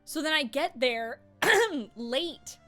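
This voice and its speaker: High bright streamer, swearing and laughing. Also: female voice, very slow, soft background music. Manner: animated storytelling, swears freely, laughs often. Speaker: streamer host. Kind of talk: casual chat.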